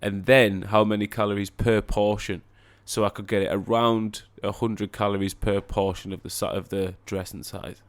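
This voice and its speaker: A man's voice: fairly low pitch, little pitch movement, moderate pace, hardly any pauses. Sweary blunt man. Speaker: podcast co-host. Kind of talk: casual chat.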